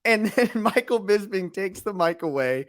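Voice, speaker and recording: A man co-hosting a sports talk show who tells stories in an expressive, emphatic way. His voice sits high and moves up and down a lot. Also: moderate pace. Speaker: co-host, sports commentator.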